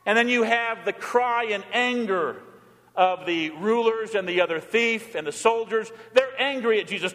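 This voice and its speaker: A man preaching to his congregation with a high, light voice that rings through a reverberant church. He shifts between plain teaching and short acted-out pleas, each spoken in a quoted voice. The sermon keeps a steady, earnest delivery throughout. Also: measured pace. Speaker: pastor.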